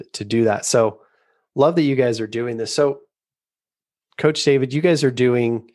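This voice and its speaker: A man's voice: medium pitch, a little mellow, dry recording, clean studio sound. A man hosting an interview, chatty and affirming, asking his guest rambling questions. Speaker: host. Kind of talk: casual interview.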